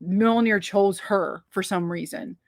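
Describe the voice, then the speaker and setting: A chatty woman talks through a film review, rambling along with quick asides and restarts. Her pitch sits in the middle range. The recording is dry and close, with no room sound. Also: no room sound. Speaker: co-host of a movie review show. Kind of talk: casual movie review chat.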